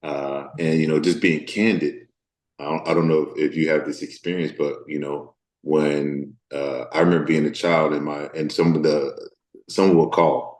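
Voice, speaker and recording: In an echoey room, a Deep South actor gives a candid interview with a darkish tone and little pitch movement. His speech is reflective and hesitant, full of fillers.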